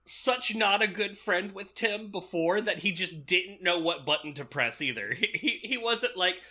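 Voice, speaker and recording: A podcast co-host talks slowly about a film, the voice bright and moving freely in pitch. Dry jokes come often, and so does laughter. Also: expressive. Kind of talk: casual chat recapping a film.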